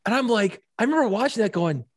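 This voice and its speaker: A middle-aged man co-hosting a podcast, telling stories in an animated way with swearing and bursts of laughter. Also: high voice, fast. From New Orleans area. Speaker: podcast co-host. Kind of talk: casual chat.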